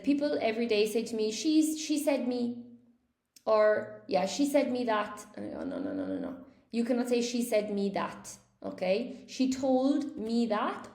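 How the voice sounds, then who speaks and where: Woman English teacher, chatty live-stream style, mid pitch, emphatic corrections, slightly roomy sound. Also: mellow. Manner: chatty, reads viewer comments aloud and laughs; emphatic when correcting mistakes. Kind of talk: live online English lesson.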